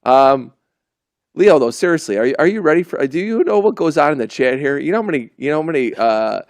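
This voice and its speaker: A man's voice: a little high, expressive, fairly quick, no room sound. A man hosting a live trading show, bantering and joking with his guests before turning to the charts. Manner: jokey, bantering, hesitant restarts. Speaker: host.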